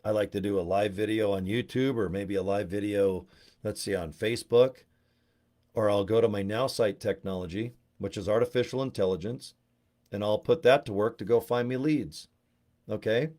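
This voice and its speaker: A man's voice: on the low side, fairly even intonation, normal speed, darkish tone. A man in a rambling, joking casual video chat, going off on tangents while promoting a business. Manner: joking, tangents, puts on silly voices. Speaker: network marketing promoter. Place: Utah.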